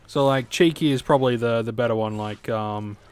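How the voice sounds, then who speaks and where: A man's voice: mid-range voice, fairly quick, clean tone. A young Australian man chatting casually and jokingly with his viewers while streaming a game, rambling from one thought to the next. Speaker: live streamer.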